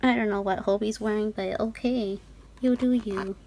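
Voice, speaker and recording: A young woman vlogger gushing through an unboxing in casual chat, often dropping into soft whispered asides. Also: medium pitch, fairly even intonation, moderate pace, low-quality recording.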